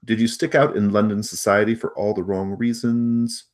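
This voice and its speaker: A man running a tabletop role-playing game, relaxed and encouraging with his players. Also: on the low side, normal speed. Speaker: game master.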